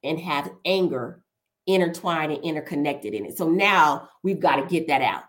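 Emphatic woman host with a lower voice. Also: moderate pace. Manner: emphatic, repetitive, builds points step by step. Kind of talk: faith-based talk, preaching tone.

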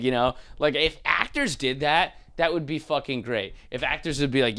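A young adult man, a comedian, ranting casually and profanely, mocking people with quick put-on voices. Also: on the high side, no echo, clean studio sound. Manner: animated, profane, mocking impressions.

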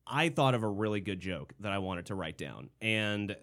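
Man, podcast host, low voice, laid-back wry talk, casual comedy chat. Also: animated, normal speed, fairly bright tone.

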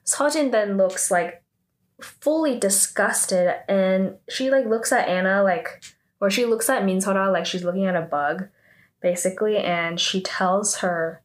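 A woman's voice: mid-range voice, unhurried. Woman drama recapper, chatty and filler-heavy, prone to indignant asides, mid-range voice. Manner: jumps into indignant commentary on characters.

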